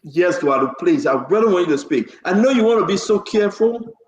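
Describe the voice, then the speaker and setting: A man argues hard on a political talk show. His voice sits high and swings widely, pressing his point again and again. The sound carries an echo from the room. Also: animated, brisk. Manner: impassioned, talks over others, repeats for emphasis. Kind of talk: heated political call-in talk.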